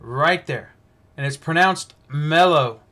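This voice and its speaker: A man's voice: on the high side, expressive, measured pace, fairly bright tone. A man hosting a casual livestream Bible study, thinking aloud with frequent restarts and fillers.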